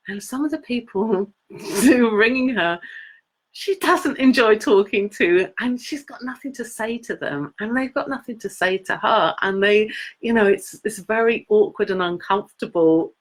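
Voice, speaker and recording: A middle-aged woman hosting a live coaching session, talking in a rambling, halting way with many fillers and restarts. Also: medium pitch. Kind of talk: casual coaching talk to a live audience.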